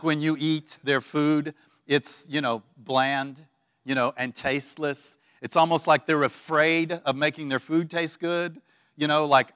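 A male pastor delivers a relaxed, conversational sermon, dotted with ums and restarts as he coaxes the congregation to repeat after him. His voice sits a bit high for a man. A long hall reverb trails behind his words. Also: clean studio sound. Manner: casual, filler-laden, leads call-and-response. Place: church sanctuary.

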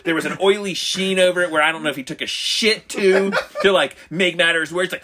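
A man's voice: a little high, a little fast, hardly any pauses, bright, forceful tone. A middle-aged man telling stories in casual banter, swearing constantly and acting out his own reactions.

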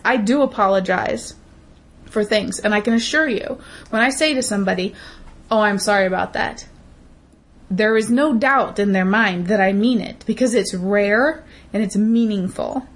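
A woman co-hosting a podcast, ranting bluntly and emphatically in casual chat, with frequent swearing. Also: medium pitch. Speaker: podcast co-host.

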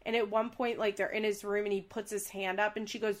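A woman's voice: on the high side, normal speed, few pauses. A young woman co-hosting a podcast, chatting casually and acting out quoted lines with big voices. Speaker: podcast co-host. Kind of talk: casual chat recapping a reality show.

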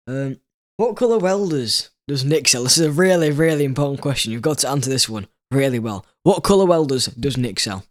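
A young man, co-hosting with his father and teasing him in a deadpan way with short answers. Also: medium pitch, fairly quick, no room sound, clean studio sound. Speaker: host's son, co-host.

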